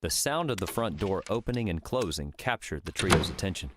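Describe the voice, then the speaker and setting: A man reading an audiobook in scripted narration, steady and even. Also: low voice, brisk, slight background noise.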